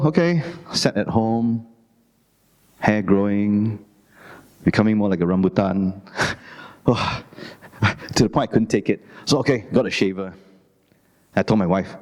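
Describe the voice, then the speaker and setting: A middle-aged Malaysian man with a Malaysian English accent, giving a Dhamma talk as an animated, self-mocking storyteller. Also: fairly low pitch, normal speed, in a large hall. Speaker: Dhamma speaker. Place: Buddhist society hall.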